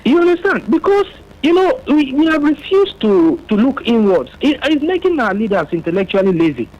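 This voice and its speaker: A man's voice: very high voice, sing-song, a little fast, a little mellow, highs cut off. A man from Nigeria calling in to a radio talk show, talking at length with restarts and fillers. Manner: talkative, with restarts. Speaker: caller. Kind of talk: phone-in call.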